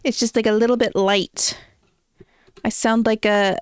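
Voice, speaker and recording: A woman's voice: fairly high pitch, steady tone, measured pace, long pauses, clear, resonant tone, no room sound. A woman streaming a game from home, chatting casually and rambling as she answers her chat.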